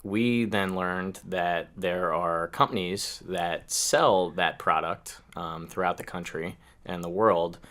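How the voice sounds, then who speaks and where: A man's voice: low-pitched, fairly even intonation, takes it slowly, few pauses, fairly bright tone. A man, a company co-founder, answering interview questions casually and unhurriedly, with many fillers.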